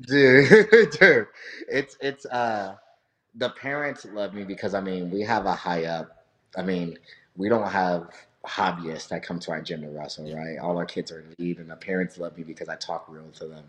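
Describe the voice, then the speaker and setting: A man who coaches wrestling chats loosely as a guest, his voice sitting a little low. He rambles through stories, swears freely and laughs often. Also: steady tone, a little fast. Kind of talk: casual chat.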